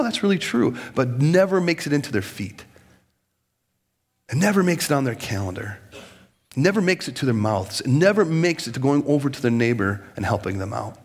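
Animated, husky-voiced male preacher. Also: fairly high pitch. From United States. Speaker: pastor. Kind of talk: sermon.

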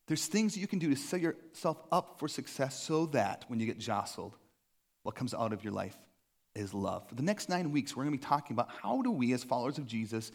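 A middle-aged man, a pastor, preaching a casual sermon in a conversational, joking way, acting out little quoted voices. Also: mid-range voice.

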